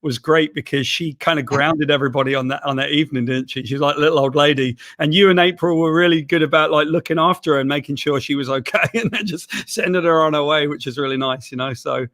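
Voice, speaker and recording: A middle-aged man from Wales, reminiscing in a chatty, animated way in a casual video chat. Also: on the high side, fast talker, hardly any pauses. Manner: chatty, animated, laughs while telling. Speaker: comics writer, co-host.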